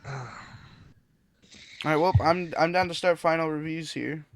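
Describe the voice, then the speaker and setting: A man's voice: on the high side, steady tone, unhurried, slight background noise. A man co-hosting a casual film podcast, easygoing and thinking aloud with hesitant restarts. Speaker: podcast co-host.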